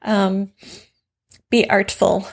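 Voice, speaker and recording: A woman's voice: mid-range voice, flat delivery, extremely slow, creaky. A woman co-hosting a writing podcast, talking casually and thoughtfully about story craft. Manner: conversational, reflective, warm affirmations.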